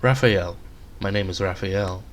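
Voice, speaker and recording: A man voicing an eerie, calm male bartender with a silky voice, polite and quietly mocking. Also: deep voice, a little slow, slight background noise.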